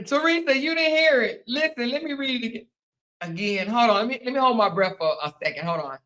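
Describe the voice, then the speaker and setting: Quick and expressive, her slightly high voice comes across bright and forceful. The speaker is a woman in her fifties running a casual livestream, reading comments aloud, laughing, hiccuping, and calling viewers honey and girl with a Southern-Black-style drawl.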